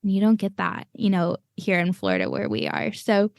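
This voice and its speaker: A woman's voice: medium pitch, sing-song, fairly quick, vocal fry, no echo. A young woman chats as a podcast guest, looping through her thoughts with plenty of "you know" and "like". Her voice sits close and dry, with no room around it. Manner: rambling, many fillers like "you know" and "like". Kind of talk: casual interview chat.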